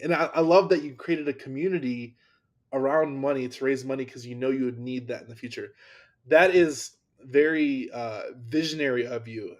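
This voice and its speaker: A man hosting a podcast in casual conversation, enthusiastic and often repeating words as he talks. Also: mid-range voice. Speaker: podcast host. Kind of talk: casual interview talk.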